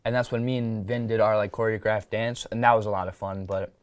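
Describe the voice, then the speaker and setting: A man's voice: lowish voice, flat delivery, a little fast, clear, resonant tone, no echo. Upbeat teen guy talking with his mouth full. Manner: upbeat, rambling, eats while talking. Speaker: student guest, upcoming event host. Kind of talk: casual chat interview.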